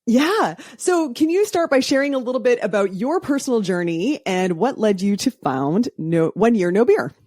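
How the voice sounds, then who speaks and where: A woman's voice: on the high side, expressive, moderate pace, few pauses, darkish tone, dry recording, clean studio sound. A woman hosting a podcast, introducing her guest in an upbeat, emphatic way. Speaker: podcast host.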